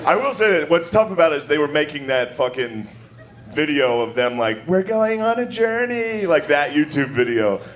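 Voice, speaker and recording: A man's voice: medium pitch, moderate pace. A man doing a crude stand-up set on stage, laughing through his punchlines. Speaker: stand-up comedian. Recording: loud crowd noise of a live show.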